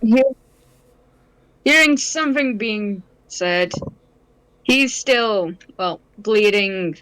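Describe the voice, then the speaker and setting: A woman's voice: medium pitch, expressive, extremely slow, fairly bright tone, no room sound, rough recording. A woman playing a tabletop game, chatting playfully and swearing. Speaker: player. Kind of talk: casual chat in a tabletop game.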